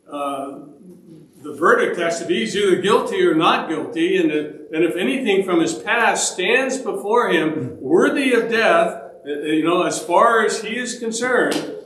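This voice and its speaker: A man leads a church Bible study, speaking slowly and steadily in a fairly high voice. He talks conversationally, restarting phrases and pausing on fillers, and he keeps asking the group questions. The room gives his voice a noticeable echo. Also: fairly bright tone. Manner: asks the group questions, checks in with "all right?".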